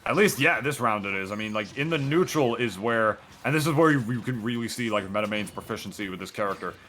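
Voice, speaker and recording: A man commentating a fighting-game match in a casual, excitable, joking way, full of "like". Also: lowish voice, fast, slight background noise. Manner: excitable, joking, chatty with filler "like". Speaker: esports commentator.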